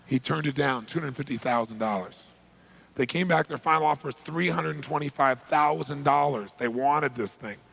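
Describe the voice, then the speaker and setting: Male motivational speaker: gravelly, slightly high voice, punchy storytelling delivery. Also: moderate pace. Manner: emphatic, rising to shouts on key points. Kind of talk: energetic storytelling talk.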